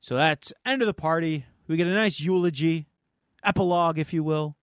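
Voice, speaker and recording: Animated man retelling a story. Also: a little high, a little fast, clear, resonant tone, no room sound, clean studio sound. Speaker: podcast host. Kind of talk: casual chat, retelling a comic.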